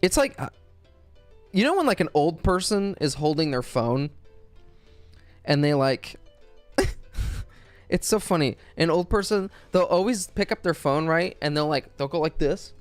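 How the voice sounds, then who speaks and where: A man's voice: a little high, unhurried, long pauses, clean tone, dry recording, faint music behind. A young man streaming a video game, chatting casually in a rambling, crude and joking way, full of swearing. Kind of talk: casual gaming stream chat.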